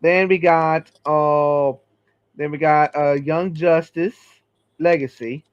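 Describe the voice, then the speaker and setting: A man hosting a casual chat who reads through a list of games, slowly and with many fillers. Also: on the high side, steady tone, clear, resonant tone, no echo, dull audio. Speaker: podcast host.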